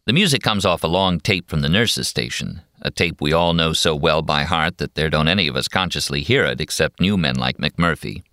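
A man narrating a novel in the first person with a measured, plain-spoken, colloquial cadence. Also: extremely low pitch, animated, sharp tone, no echo, studio quality. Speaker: audiobook narrator.

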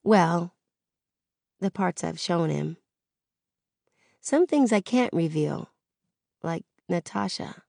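A woman reading a first-person audiobook in a candid, conversational and expressive way, close to the mic. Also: on the low side, takes it slowly, gravelly, pauses often, dry recording. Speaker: audiobook narrator.

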